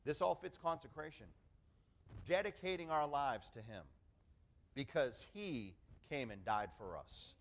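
A man's voice: mid-range voice, expressive, unhurried. A middle-aged man preaching a sermon as pastor, emphatic and conversational, often calling for an "amen" from the congregation.

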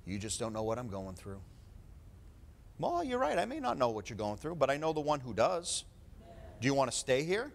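A male preacher delivering a fervent sermon full of rhetorical questions, swinging between quiet talk and loud preaching. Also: mid-range voice, very animated, normal speed, creaky, pauses often.

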